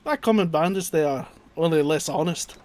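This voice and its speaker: A man's voice: on the high side, normal speed, darkish tone, natural voice. A man putting on a chatty old peddler. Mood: folksy. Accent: put-on Scottish, wavering. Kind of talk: reading game dialogue aloud.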